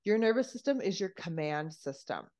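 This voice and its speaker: At a moderate pace and with a fairly low pitch, a woman explains nervous system regulation as a podcast guest. The chat is casual, and she's lively and profane, voicing the quotes she relays.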